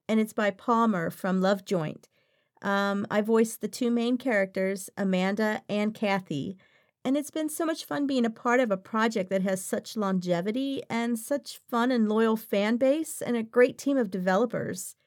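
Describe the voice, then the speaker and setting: A woman's voice: on the high side, a little slow, darkish tone. A woman voice actress answering interview questions in a frank, playful way, often laughing.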